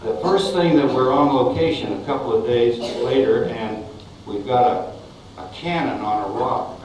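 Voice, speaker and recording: A man's voice: medium pitch, normal speed, darkish tone. Older man telling chuckling anecdotes, echoey. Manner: chuckling, rambling storyteller with restarts. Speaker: film director recalling old Westerns. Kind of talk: anecdotal storytelling in an interview. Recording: echoey room, far mic, background noise.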